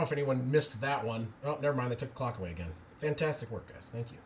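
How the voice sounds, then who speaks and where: A man doing amateur live play-by-play of a football game, excitable and breaking into loud cheers, chatting with viewers between plays. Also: mid-range voice, quick pace, few pauses.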